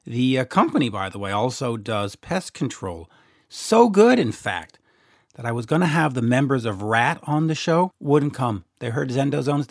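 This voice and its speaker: A man's voice: medium pitch, no echo, studio quality. A Canadian man hosting a podcast, rambling in a jokey, casual way with plenty of fillers and restarts. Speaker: podcast host. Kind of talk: casual solo podcast talk.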